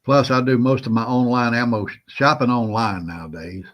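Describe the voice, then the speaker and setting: A man with a Southern drawl hosts a relaxed livestream. He calls out viewers by name in a folksy, chatty way, and his voice sits at an everyday middle pitch. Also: moderate pace. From Southern United States. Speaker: host of a prepping livestream. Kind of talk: casual livestream chat.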